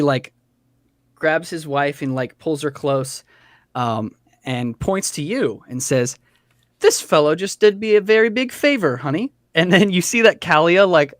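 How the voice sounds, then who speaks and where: A man's voice: a little high, a bit bright, no room sound, clean studio sound. A man narrating a tabletop game as game master, loose and chatty, with many fillers.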